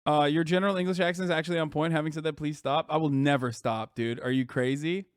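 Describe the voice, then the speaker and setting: A man's voice: fairly high pitch, steady tone, fast, clear, resonant tone, no echo, studio quality. A man streaming a live reaction commentary, profane and jokey, often slipping into mock British slang.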